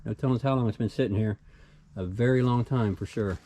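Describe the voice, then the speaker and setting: A middle-aged man with a Southern US accent narrates his hike in an easygoing, cheerful way, recorded on camera outdoors on a forest trail. His voice is mellow and relaxed, and a faint hum of the woods sits behind him. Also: mid-range voice, quick pace, poor audio. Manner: easygoing, enthusiastic about small finds. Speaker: hiking vlogger.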